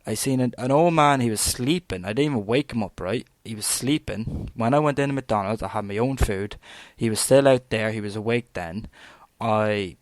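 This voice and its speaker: Hosting a podcast, a young Irish man in his twenties delivers a blunt, rambling rant, swearing freely and scattering "like" throughout. His lowish voice moves at a normal speed, and the recording is dry.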